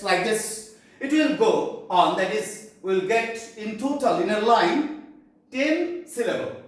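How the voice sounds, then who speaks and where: A man teaching a poetry class in a slow, explanatory lecture with pauses and fillers, from Bengal. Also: high voice, lively intonation, very echoey, rough recording.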